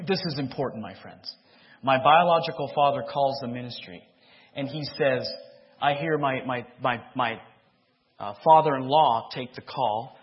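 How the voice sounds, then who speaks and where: Husky-voiced man giving impassioned testimony. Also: mid-range voice. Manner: impassioned, repeats a refrain, seeks audience response. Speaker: preacher giving his testimony. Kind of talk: emotional sermon testimony. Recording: dull lo-fi sermon recording.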